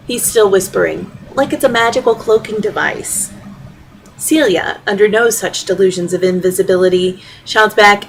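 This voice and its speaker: A middle-aged woman reading her own personal essay aloud, with a wry, deadpan storytelling manner. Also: mid-range voice, moderate pace, vocal fry, a little hiss or hum, rough recording.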